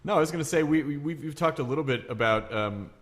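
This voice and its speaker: A man's voice: fairly high pitch, fast talker. A man hosting a podcast in casual chat, playful and reading jokes aloud in a mock-formal way. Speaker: podcast host.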